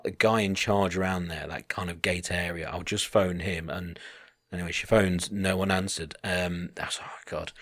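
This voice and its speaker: Low-voiced man telling a story. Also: dry recording, studio quality. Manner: animated, acts out the people in his stories, swears freely. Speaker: podcast co-host. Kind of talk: casual storytelling chat.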